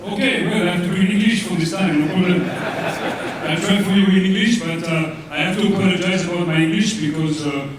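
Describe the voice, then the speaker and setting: A man's voice: sits high, a little fast, background noise, natural voice. A man doing a cheeky French coach. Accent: French (put on). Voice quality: heavy put-on French accent, cheeky crowd-teasing. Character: boastful French coach, teasing, adult man. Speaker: comedian in character. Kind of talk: live stand-up character act. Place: large function room at a lunch event. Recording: echoey hall from far off, loud crowd.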